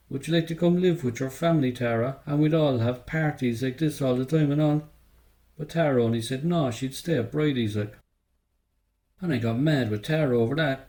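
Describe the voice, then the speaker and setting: A man's voice: mid-range voice, dark tone, poor audio. A man with a Cork Irish accent reading a first-person novel aloud, telling it in the loose, slangy voice of a young narrator. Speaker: audiobook reader.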